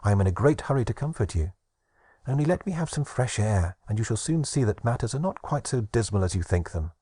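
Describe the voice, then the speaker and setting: Fairy spirit, small and sunny, coaxing and playful; a male narrator puts her on with a soft husky tone. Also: on the low side, lively intonation, fairly quick, dry recording, studio quality. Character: sweet cheerful female fairy Hope. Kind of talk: audiobook narration.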